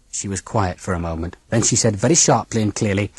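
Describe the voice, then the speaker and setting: An audiobook narrator telling a first-person story in a dramatic, expressive reading. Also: sits low, fairly quick, hardly any pauses, breathy edge, no echo.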